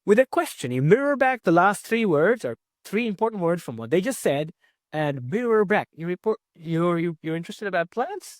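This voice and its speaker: Lively male communication coach. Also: high voice, moderate pace, dry recording, studio quality. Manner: energetic, repetitive, with frequent tag questions. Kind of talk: online course lecture.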